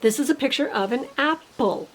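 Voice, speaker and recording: A middle-aged woman speech teacher giving parents a patient step-by-step tutorial, modeling simple sentences slowly. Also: high-pitched, animated, a little hiss or hum, rough recording.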